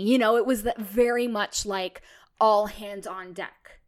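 A woman's voice: mid-range voice, fairly even intonation, measured pace. Woman, podcast co-host, casual chat, enthusiastic, thinks aloud.

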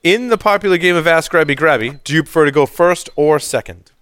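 A man's voice: a little high, brisk, fairly bright tone, clear, resonant tone. A man hosting a panel show, asking quiz questions in a playful, teasing way. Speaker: host.

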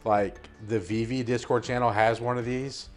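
A man's voice: mid-range voice, fairly even intonation, normal speed, soft background music. A man co-hosting a podcast with his brother, speaking easygoing, teasing, slang-laced casual chat. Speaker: podcast co-host.

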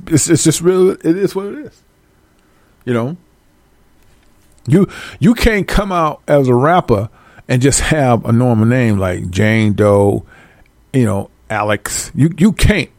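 Gravelly man on a comedic rant. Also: mid-range voice, measured pace, long pauses, no room sound. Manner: animated, profane, laughing between lines.

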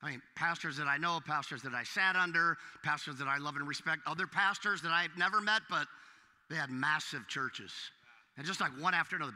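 A man preaching a sermon as pastor, swinging from hushed asides to loud exclamations. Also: fairly high pitch, fairly quick, big-room sound.

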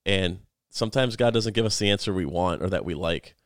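This podcast co-host has a deep voice and talks a little fast, with no echo and clean studio sound. In a casual chat, he reflects earnestly on a Bible passage.

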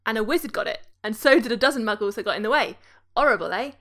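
A woman's voice: fairly high pitch, animated, quick pace, a bit bright. British woman doing a gossipy young bus conductor. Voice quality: gossipy, storytelling.

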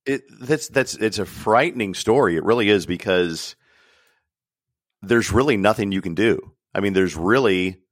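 A male talk radio host with a very low, deep voice speaks casually and earnestly into a studio mic. He repeats his points for emphasis, and the sound is dry and close. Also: moderate pace, no echo. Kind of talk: casual talk-show chat.

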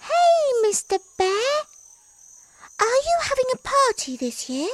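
A woman voicing a small, chatty, eager mouse in a storybook reading, with a squeaky, drawn-out voice. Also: huge pitch swings, heavily acted.

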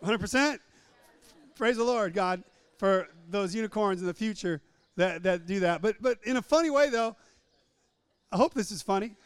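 A man's voice: high-pitched, moderate pace, pauses often, clear, resonant tone, no room sound. A man preaching a humorous sermon, repeating phrases for emphasis and acting out little scenes in different voices.

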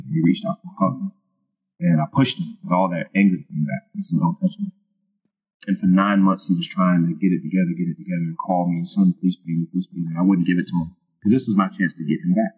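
A man's voice: sits low, quick pace, darkish tone, lo-fi sound. A man telling his personal testimony as a guest in an interview, earnest and casual, with many fillers and restarts. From Virginia.

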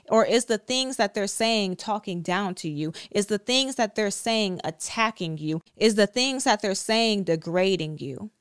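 A woman's voice: mid-range voice, clear, resonant tone, no echo, studio quality. A woman hosting a faith podcast, teaching earnestly and directly. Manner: earnest, direct, preaching cadence with repetition. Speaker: podcast host.

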